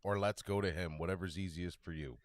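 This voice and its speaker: Low-voiced man making crude threats. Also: steady tone, a little fast. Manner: crude, menacing, drawling. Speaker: player. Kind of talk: in-character threats at a tabletop game.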